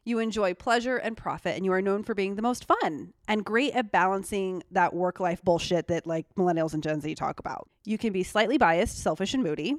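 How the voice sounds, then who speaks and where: A woman's voice: medium pitch, a little fast, hardly any pauses, dry recording, studio quality. A woman co-hosting a podcast, reading horoscope traits aloud with blunt, sarcastic, swearing asides. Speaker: podcast co-host.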